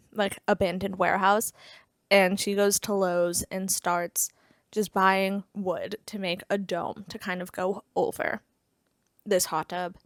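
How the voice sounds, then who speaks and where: A woman's voice: mid-range voice, fairly bright tone, no echo. Chatty woman recapping a book, dry sound. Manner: chatty, frequent "like" fillers, wry asides. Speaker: book reviewer. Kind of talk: casual plot recap.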